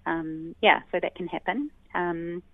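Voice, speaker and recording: The linguist guest, a woman from New Zealand who has just joined by phone, has a fairly low voice with vocal fry. She gives measured explanations in answer to questions, pausing thoughtfully with ums, over a dry, tinny line lacking any room sound.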